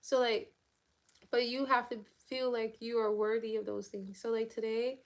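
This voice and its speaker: A woman's voice: fairly high pitch, flat delivery, moderate pace. A woman hosting a casual livestream, chatting upbeat and loose with lots of fillers, talking straight to her viewers. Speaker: livestream host.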